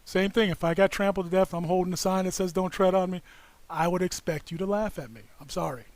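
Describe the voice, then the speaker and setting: A man's voice: sits high, quick pace, a little mellow. A man from the United States co-hosting a casual livestream, rambling, laughing often and reacting to viewer comments. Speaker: livestream co-host.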